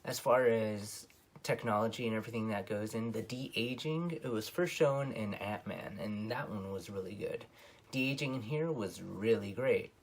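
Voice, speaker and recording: A man's voice: on the low side, normal speed. A man giving a casual, rambling film review, full of ums and self-corrections, his voice jumping up on emphatic points. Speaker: movie reviewer.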